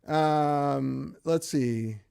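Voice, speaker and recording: A man's voice: a little high, extremely slow, vocal fry, darkish tone, clear, resonant tone. A middle-aged American man hosting a livestream, chatting loosely and self-deprecatingly as he answers viewer comments. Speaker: livestream host. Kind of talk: casual chat reading viewer comments.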